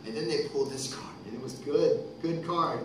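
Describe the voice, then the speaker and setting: A man's voice: fairly high pitch, moderate pace, noisy background. A man in his thirties from Texas, telling a long rambling story between songs at a live show, profane and getting worked up. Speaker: musician telling a story on stage. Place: concert venue, live audience. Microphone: stage microphone. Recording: echoey live concert recording from far off.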